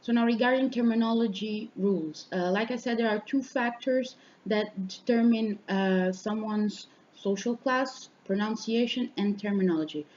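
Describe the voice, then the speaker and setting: A young woman delivers a student oral presentation at a mid-range pitch. She explains her points one by one and fills her pauses as she goes. The recording is dull and lo-fi, with a faint hiss of noise behind her. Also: a little mellow. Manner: explanatory, pausing with fillers.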